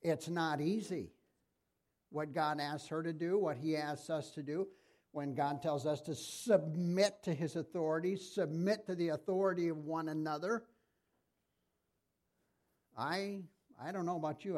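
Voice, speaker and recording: A man's voice: a little high, a little mellow. A middle-aged man preaching a sermon in a conversational way, asking his congregation questions.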